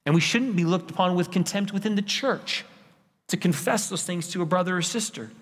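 In a church sanctuary, a male pastor delivers a sermon with a high, slightly bright voice and a somewhat quick pace. His tone is earnest and pleading, built on repeated rhetorical lists, and the hall's long reverb fills the recording.

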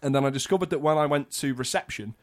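A man's voice: medium pitch, fast talker. A young man from the north of England, telling stories in a casual chat and slipping into voices. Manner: animated storyteller, puts on voices.

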